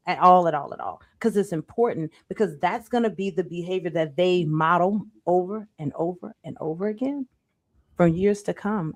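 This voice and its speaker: A woman in her thirties, a life coach, talking in a casual faith-based chat, animated and repeating herself for emphasis. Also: lowish voice, no echo, clean studio sound.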